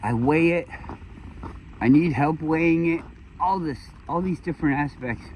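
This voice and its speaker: Guy rambling to his camera, mellow low voice, swears a lot, keeps restarting, faint hiss behind. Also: normal speed, low-quality recording. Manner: meandering, philosophical, frequent swearing and restarts. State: emotional, has been crying. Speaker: vlogger. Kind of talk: rambling personal monologue.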